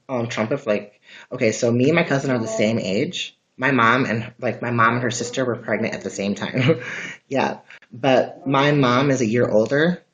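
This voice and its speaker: A man's voice: medium pitch, fairly bright tone, highs cut off. A man chatting casually on a livestream from his home, rambling and swearing often. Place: at home, indoors.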